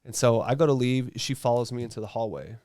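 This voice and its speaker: A man's voice: mid-range voice, fast talker, warm tone. A man telling a personal story in casual podcast chat, blunt and laid-back, with lots of fillers and swearing. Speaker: tattoo artist guest.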